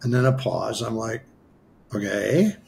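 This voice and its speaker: A man's voice: medium pitch, moderate pace, gravelly, slight background noise. A man being interviewed as a healer, telling a personal story in a chatty way with many asides. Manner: animated, acts out his own past dialogue; conversational, with many asides and restarts. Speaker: spiritual healer guest.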